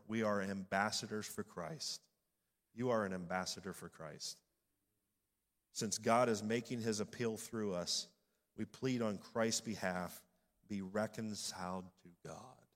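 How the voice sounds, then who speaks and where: A man preaching a sermon as pastor, building from measured speech to loud, emphatic peaks. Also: on the low side, in a large hall.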